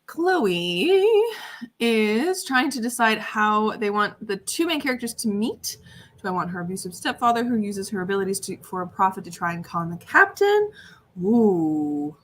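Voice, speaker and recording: A young woman hosting a casual livestream, talking in a loose, chatty way and giggling often. Her voice has a bright, forward edge. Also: mid-range voice, sing-song, normal speed. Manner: chatty and giggly, lots of fillers. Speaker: livestream host and author. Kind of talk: casual chat on a writing livestream.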